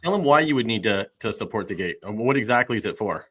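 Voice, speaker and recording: A man's voice: fairly low pitch, expressive, fast talker, a loud crowd. A man hosting a casual show, joking and laughing often with guests. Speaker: host.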